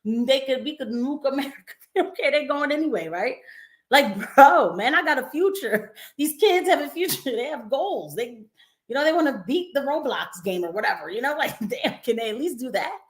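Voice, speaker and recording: A young woman talks through the news on a casual live stream. She is emphatic and laughs often, and her pitch swings widely as she reacts. Now and then she acts out the voices of the people she quotes. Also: lively intonation, normal speed. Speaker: host commenting on the news.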